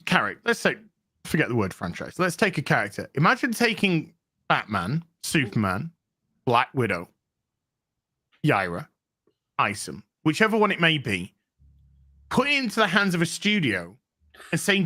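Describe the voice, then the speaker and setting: A man's voice: fairly high pitch, big pitch swings, normal speed, pauses often, pushed and bright. A man hosting a casual podcast chat, stumbling over restarts and piling up rhetorical questions.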